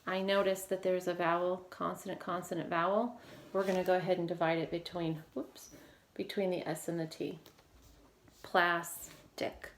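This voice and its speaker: Female reading teacher, lowish voice, encouraging, methodical prompting, faint background noise. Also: little pitch movement, normal speed. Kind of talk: recorded phonics lesson.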